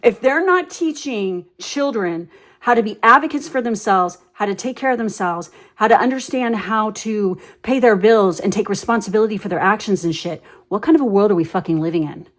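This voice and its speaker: A woman's voice: mid-range voice, a little fast. Woman tarot reader, casual and blunt, ranty storyteller, swears a lot. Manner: blunt, ranting, swears freely; animated storyteller with many fillers. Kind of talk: casual tarot reading monologue.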